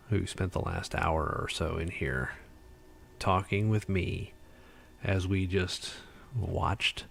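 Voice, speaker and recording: A man's voice: sits low, steady tone, takes it slowly, vocal fry, a little hiss or hum. A tired man hosting a casual livestream chat, rambling with lots of fillers. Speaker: livestream host.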